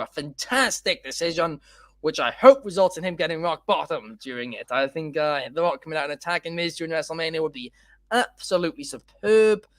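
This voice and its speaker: A man's voice: fairly high pitch, animated, moderate pace, fairly bright tone, dry recording. A man hosting a casual wrestling chat, opinionated and rambling with many fillers. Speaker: podcast host.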